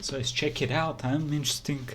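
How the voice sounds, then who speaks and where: A man's voice: fairly high pitch, steady tone, fairly quick. A young man from Bulgaria, hosting a casual reaction video and talking bluntly, with frequent swearing. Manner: blunt, swears often, easily annoyed.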